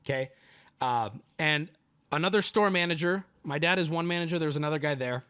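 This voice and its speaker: A man's voice: a little high, fairly quick, clear, resonant tone. A man telling a family story on his stream in a casual, profane, joking way. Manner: animated, profane, jokey.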